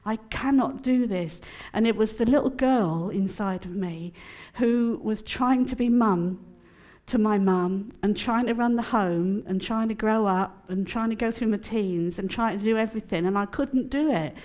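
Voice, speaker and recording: A woman's voice: fairly high pitch, darkish tone. A middle-aged woman gives an emotional, testimony-style sermon at a prayer conference, often laughing as she speaks.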